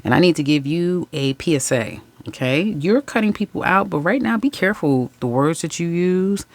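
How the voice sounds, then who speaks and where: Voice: mid-range voice, lively intonation, normal speed, dry recording. A tarot reader giving a casual general reading to viewers, chatty and candid, often laughing and correcting their own slips, calling listeners guys, ladies and baby.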